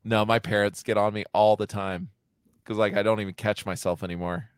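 A man in his thirties in casual podcast chat, animated and laughing, swearing freely. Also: fairly low pitch, fairly quick, clean tone, no echo.

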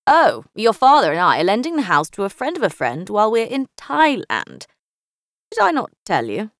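Brief: a woman reading as a tart, crisp older mother in a storybook, dry close sound. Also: mid-range voice, huge pitch swings, moderate pace, no echo. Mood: tart, matter-of-fact. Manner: crisp, matter-of-fact, faintly reproachful. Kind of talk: audiobook character voice.

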